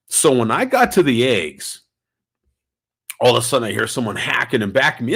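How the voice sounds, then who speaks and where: Man, casual vlogger with a slightly stuffy nose, swooping lively delivery, middle pitch, chatty and animated. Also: moderate pace, gravelly. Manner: animated storyteller, reads and answers chat comments. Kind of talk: casual livestream chat.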